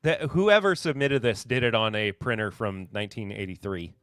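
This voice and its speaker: A man's voice: on the low side, moderate pace, fairly bright tone, no echo, clean studio sound. A man hosting a casual live-stream whiskey podcast, reading new bottle labels aloud in a rambling, sarcastic, self-deprecating way. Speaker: podcast host.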